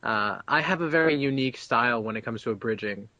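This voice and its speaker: A man's voice: medium pitch, quick pace, pushed and bright, no room sound, lo-fi sound. A young man being interviewed about his voice acting, chatty and brash, laughing and swearing freely. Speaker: abridged-series voice actor, interview guest. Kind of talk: casual interview.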